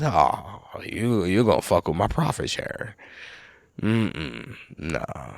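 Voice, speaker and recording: A man with a low, deep voice hosts a solo podcast and rambles through stories in a loose, profane, animated way. The sound is dry and close, with no room behind it. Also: slow, creaky, no echo. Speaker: podcast host. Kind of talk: casual solo podcast rant.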